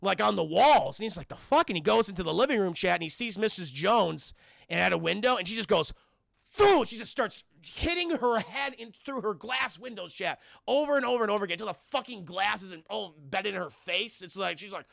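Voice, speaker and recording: A man streaming a casual, profane scene-by-scene film recap, animated and talking to his live chat. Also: sits high, brisk, creaky, no room sound, studio quality.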